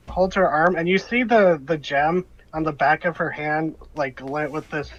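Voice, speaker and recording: A man's voice: on the high side, moderate pace, a bit bright, highs cut off. A man running a tabletop game as game master, narrating in a rambling, hesitant way full of fillers.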